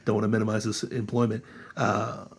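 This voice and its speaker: Husky guy hosting a political podcast, sarcastic, mocking, talks animated. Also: lowish voice, moderate pace. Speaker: podcast host. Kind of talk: casual political chat.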